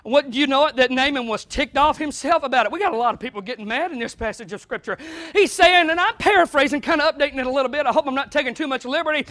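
Impassioned high-voiced preacher. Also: male voice, fast, no echo. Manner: impassioned, swinging from quiet asides to shouted declarations. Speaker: pastor. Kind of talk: sermon.

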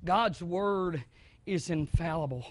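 A man from the American South preaching a sermon, moving from quiet, conversational talk up to loud, shouted preaching. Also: on the high side, slow, slight background noise.

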